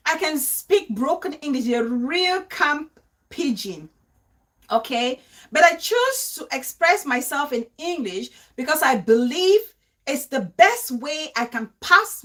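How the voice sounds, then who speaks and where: A woman's voice: sits high, fairly bright tone. A young adult woman with a Cameroonian accent hosting a live-stream vlog, making her points emphatically and repeating them as rhetorical questions. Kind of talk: live-stream vlog, reading viewer comments.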